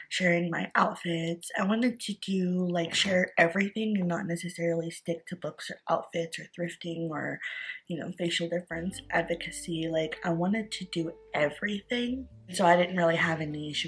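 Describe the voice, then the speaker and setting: A woman in her twenties vlogging casually to camera, chatty and candid, her voice groggy with morning sleepiness. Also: fairly low pitch. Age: 20s. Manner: chatty and candid, rambling with fillers.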